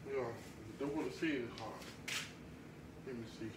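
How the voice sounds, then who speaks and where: A woman chats casually with her y'all audience in a phone-camera vlog from home, sounding congested from sinus trouble. Her voice rumbles low at normal speed, and the recording is very noisy.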